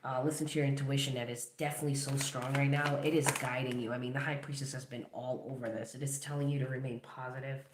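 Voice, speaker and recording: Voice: medium pitch, level tone, fast, hardly any pauses, background noise. Encouraging tarot reader in an echoey room. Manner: encouraging, affirming, talks straight to the viewer. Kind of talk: collective tarot reading.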